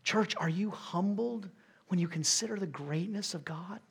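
A man's voice: sits high, normal speed, creaky, breathy edge. A man preaching a sermon as pastor, in a dramatic, emphatic style.

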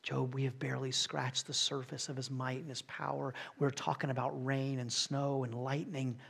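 A man's voice: mid-range voice, little pitch movement, moderate pace, vocal fry, fairly bright tone, husky. A man preaching a sermon as pastor, in a dramatic, emphatic style.

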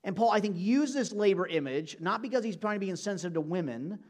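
A man's voice: high voice, animated, quick pace. A man preaching a sermon, speaking earnestly and directly to his congregation. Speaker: pastor.

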